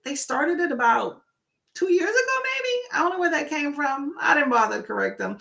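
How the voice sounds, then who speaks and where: A woman hosting a livestream, chatting casually with viewers and telling stories in an animated way. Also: high voice, a little fast, creaky. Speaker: livestream host; nurse.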